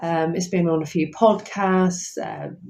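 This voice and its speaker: At night in an echoey house, a woman streaming live on her phone as a paranormal investigator rambles casually, saying um a lot. Her voice is lowish and darkish in tone, with fairly even intonation and an unhurried pace.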